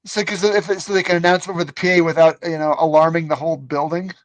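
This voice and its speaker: A man chatting casually on a stream, explaining things haltingly with lots of fillers. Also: on the high side, flat delivery, no room sound. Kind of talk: casual chat.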